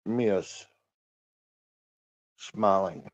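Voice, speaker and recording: A man in his fifties talking alone on a live stream, downcast and halting, sighing and swearing often. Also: low-pitched. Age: 50s. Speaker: livestreamer. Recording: muffled lo-fi stream audio.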